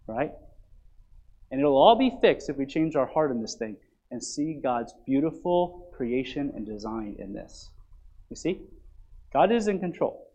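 A man preaching a sermon, dropping to soft, low asides and then building to loud, emphatic passages, often checking in with "right?" and "you see?". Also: very animated, a little slow, rough recording. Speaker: pastor.

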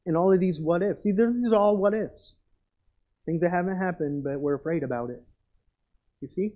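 Man, middle-aged pastor, sermon, earnest, repeats for emphasis, slightly high voice, dull lo-fi sound. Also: moderate pace.

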